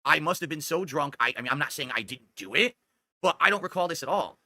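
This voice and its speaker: Man, defensive rambling anecdote, rapid delivery, very dry sound. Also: a little high, animated, bright, forceful tone, no echo. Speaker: streamer in a played clip. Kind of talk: telling a personal story to camera.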